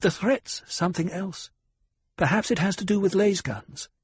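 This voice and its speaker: An icy, sharp-tongued noblewoman, as a male reader puts her on, talking down with a raised, airy pitch. Her words come measured and calm, lecturing and probing. The voice is very breathy, recorded close and dry in an audiobook. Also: no room sound. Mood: cold, probing. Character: cool, cutting noblewoman, a duke's consort. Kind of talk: audiobook character voice.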